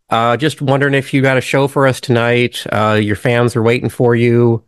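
Male podcast co-host, halting and sincere, mid-pitched, dry close mic. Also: little pitch movement, clear, resonant tone, no room sound. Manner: hesitant, full of restarts and filler. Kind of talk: casual podcast chat.

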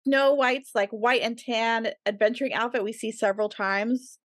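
Woman co-host, casual chat, eager and giggly, higher pitch, dry mic. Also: moderate pace, dry recording. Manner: enthusiastic, listing favorites with giggles. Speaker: podcast co-host.

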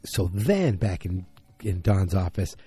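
A man's voice: low-pitched, very animated, slow pace, warm tone, husky, faint music behind. A man casually recapping a TV episode in a rambling, conversational way, acting out the characters' lines.

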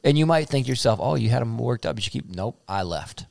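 A man's voice: medium pitch, animated, quick pace, creaky, darkish tone. A man in his thirties co-hosting a casual chat, telling loose, joking stories in a rambling way. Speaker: podcast co-host.

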